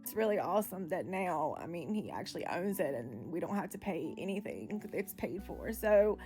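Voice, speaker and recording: A woman's voice: lowish voice, big pitch swings, normal speed, dark tone, soft background music. A young woman, chatting casually to her viewers in a rambling way, with lots of "like" fillers and casual swearing. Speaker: vlogger. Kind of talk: casual chat to camera.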